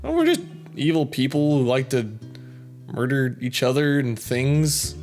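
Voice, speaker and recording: A man reading viewer comments aloud in casual chat, goofy and prone to loud silly outbursts, with a slightly sore throat. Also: mid-range voice, animated, measured pace, soft background music.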